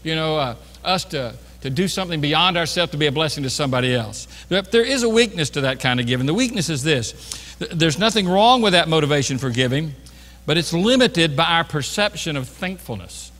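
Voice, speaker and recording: A man's voice: a little high, lively intonation, fairly quick, few pauses, fairly bright tone. A middle-aged man, a pastor telling a self-mocking story in a sermon, chatty and full of restarts. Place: church sanctuary. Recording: reverberant church hall.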